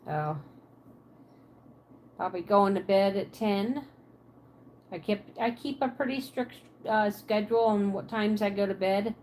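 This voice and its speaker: A woman's voice: medium pitch, a little slow, pauses often, darkish tone, a little hiss or hum. A woman from Pennsylvania with a Pennsylvania Dutch accent and a Southern twang, chatting casually on a livestream from her apartment and answering viewers' comments aloud.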